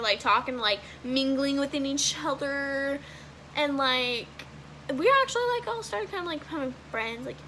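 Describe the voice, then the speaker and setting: A young woman vlogger from Washington state with a high, bright voice tells a long story in a loose, rambling way. She leans on fillers and curses casually. A faint hiss sits under the recording. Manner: casual, rambling, heavy use of "like", swearing. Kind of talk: storytime vlog.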